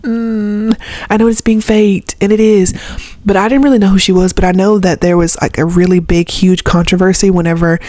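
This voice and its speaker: A woman's voice: lowish voice, steady tone, brisk, warm tone, dry recording. A young woman from the Southern US with a Southern accent, ranting casually to camera in a blunt, sarcastic way and swearing freely. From Southern United States. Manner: blunt and sarcastic, swears freely, mimics others in mocking voices. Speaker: vlogger.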